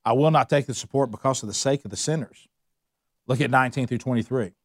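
A man's voice: medium pitch, fast talker, dry recording, clean studio sound. A man teaching a Bible study, emphatic and repeating his points with rhetorical questions. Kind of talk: preaching a Bible study lesson.

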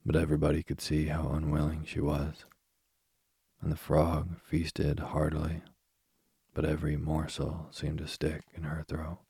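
A man reading a fairy tale aloud at a slow, even pace. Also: a bass voice, creaky, breathy edge, no echo. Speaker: narrator. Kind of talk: storybook reading.

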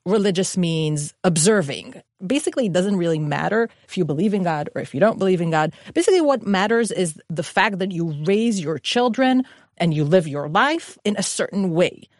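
A woman's voice: fairly low pitch, animated, normal speed, darkish tone, no room sound, studio quality. A woman from Israel co-hosting a podcast, asking questions and musing thoughtfully on ideas. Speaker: podcast co-host. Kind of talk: conversational podcast interview.

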